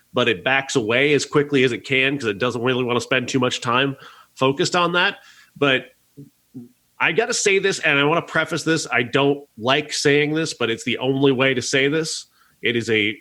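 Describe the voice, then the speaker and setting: Bright-voiced man reviewing films on a podcast. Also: medium pitch. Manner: earnest, rambling, frequent restarts and laughs. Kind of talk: casual review chat.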